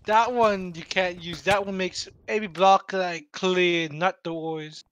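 A man chatting in a casual multiplayer game, giving short replies and quick explanations. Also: high-pitched, fairly even intonation, a bit bright, clear, resonant tone, no echo. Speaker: player. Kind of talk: casual multiplayer chat while gaming.

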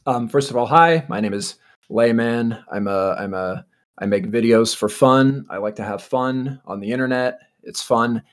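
A man from Canada who makes videos for fun joins a casual online panel as a guest and states his views in a chatty, opinionated way, with frequent restarts. His voice sits at an ordinary middle pitch. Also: normal speed.

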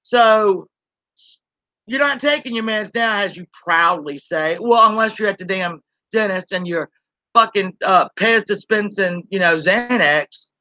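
A woman's voice: mid-range voice, lively intonation, normal speed, sharp tone, no room sound, dull audio. A woman, ranting bluntly and profanely on a live-stream while reading chat aloud. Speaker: YouTube commentary host.

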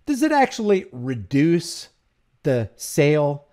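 A man's voice: fairly high pitch, sing-song, takes it slowly, darkish tone. A man from New Jersey reading news aloud and mocking it in a sarcastic, heated commentary. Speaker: political commentary host. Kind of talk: reading and ranting about news.

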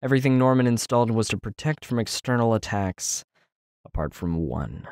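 A man playing a deadpan young man who explains the plan, in a fan audio drama. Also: medium pitch, normal speed, clear, resonant tone, dry recording, studio quality, lightly acted.

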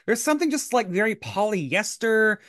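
A man with a high, very lively voice co-hosts a podcast in relaxed, chatty talk. He is animated and playful. The sound is dry and close. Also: normal speed, no room sound. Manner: animated, throws in playful silly character voices. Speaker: podcast co-host. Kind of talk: casual chat about an old TV show.

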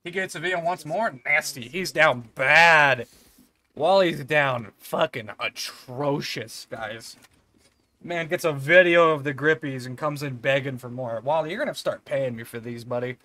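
A young man chatting through a game stream, with a slightly high voice and a bright, forceful edge. He teases crudely and laughs often, keeping it loose and playful. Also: brisk. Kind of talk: casual game-stream chat.

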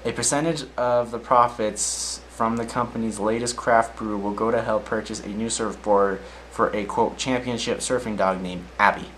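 A man's voice: lowish voice, steady tone, moderate pace, few pauses, fairly bright tone, slight background noise, poor audio. A man casually reading odd news stories aloud, often tripping over names, then adding his own offhand comments.

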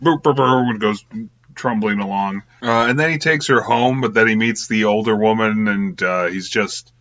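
Young male reviewer, bright tense tone, chatty and filler-heavy; dull lo-fi recording. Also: fairly low pitch, normal speed. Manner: rambling, filler-heavy, giggly. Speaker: film reviewer. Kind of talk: casual film review. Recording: slightly muffled lo-fi audio.

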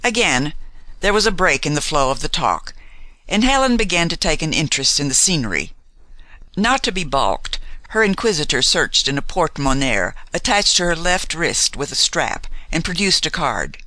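A man narrating an audiobook in a measured, formal manner. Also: fairly high pitch, very animated, sharp tone, dry recording.

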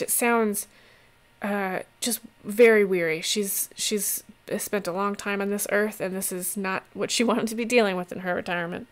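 A woman narrating as game master of a tabletop game, relaxed and rambling with fillers. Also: medium pitch.

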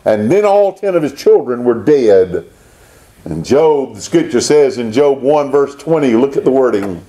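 A pastor preaching a Baptist sermon, rising into emphatic bursts and reading scripture aloud. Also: male voice, mid-range voice, sing-song, unhurried, warm tone.

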